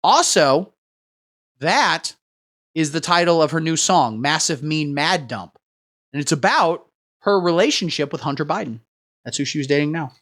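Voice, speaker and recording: A man hosting a satirical livestream, riffing crudely in a rambling, deadpan way while he reads the chat. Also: a little high, moderate pace. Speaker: livestream host. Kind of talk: satirical livestream comedy rant.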